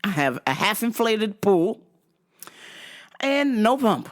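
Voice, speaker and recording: Young woman vlogger, comic profane rant, wildly swinging pitch, unhurried delivery. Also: heavy background noise. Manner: profane, animated, bursts into shrieking laughter. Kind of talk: comedic storytelling rant.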